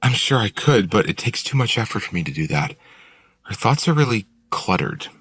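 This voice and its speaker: A man's voice: on the low side, very animated, normal speed, fairly bright tone, slightly rough, no echo, pitched above the performer's own voice, exaggerated voice. A man reading an audiobook and voicing a blunt, curious woman who possesses another's body, lifting his voice to play her. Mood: musing.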